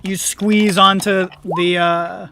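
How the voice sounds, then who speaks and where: High-voiced man running a tabletop game. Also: flat delivery, takes it slowly, gravelly, pushed and bright, faint music behind. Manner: laughs often, acts out passersby. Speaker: game master.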